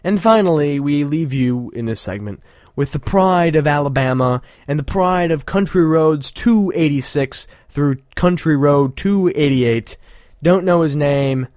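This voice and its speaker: A man's voice: a little high, expressive, a little slow, a little mellow, no room sound. Sarcastic rambling man, dry close mic. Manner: sarcastic, rambling, laughing often. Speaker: podcast host. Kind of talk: casual mocking commentary.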